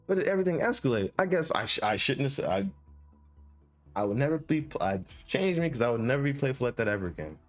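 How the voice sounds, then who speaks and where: A man's voice: mid-range voice, sing-song, fairly quick. Young guy, casual storytime, rambly and profane, faint music behind. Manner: rambling, full of restarts and fillers, profane.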